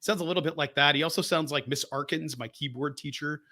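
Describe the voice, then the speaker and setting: Bright, jokey young man co-hosting a podcast. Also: a little high, fast. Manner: jokey, animated, does goofy impressions. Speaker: podcast co-host. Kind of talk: casual chat.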